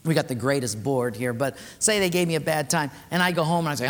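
High-voiced male pastor in a reverberant hall. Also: fast talker, hardly any pauses. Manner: animated storytelling with vocal sound effects. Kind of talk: sermon. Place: church.

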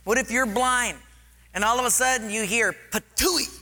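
A man preaching a sermon, telling stories with lively acted-out scenes. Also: very high-pitched, moderate pace, big-room sound. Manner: animated storytelling, acts out scenes.

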